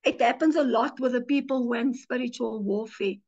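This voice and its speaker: A woman's voice: on the high side, brisk, muffled recording. A woman pastor, teaching a sermon through personal stories and acting out the voices of people she quotes. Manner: animated storytelling, acts out quoted voices.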